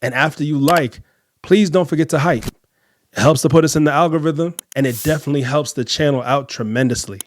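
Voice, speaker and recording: Slightly high and slightly fast, this man's voice comes with a bit of background noise. As a podcast host, he reacts to clips and talks straight to his audience in a direct way, addressing them as fellas and ladies.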